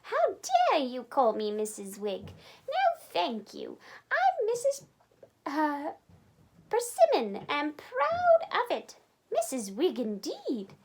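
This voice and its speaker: A woman puts on a thin, watery-looking landlady who speaks in a high, thin, outraged voice. She sounds huffy and proud, her pitch jumping far above a normal speaking voice as she bristles at being misnamed. A storybook reading. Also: wildly swooping pitch, slow pace, exaggerated voice. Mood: indignant. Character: thin, indignant older landlady.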